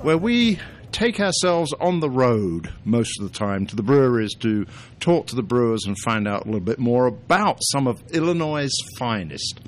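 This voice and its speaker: Lively, joking British man hosting. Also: medium pitch, normal speed, few pauses. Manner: jokey and animated. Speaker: podcast host. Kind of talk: casual podcast chat.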